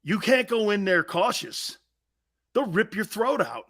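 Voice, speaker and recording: Sports talk host, a man in his fifties, brash and profane, lively swinging delivery. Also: high-pitched, unhurried. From United States. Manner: brash, profane, storytelling with loud shouted quotes.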